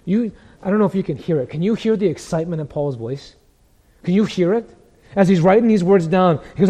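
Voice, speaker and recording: A man preaching a sermon with impassioned, emphatic delivery, slowing down to read scripture aloud. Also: high voice, lively intonation, warm tone. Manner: impassioned, rising to emphatic peaks, reads scripture slowly.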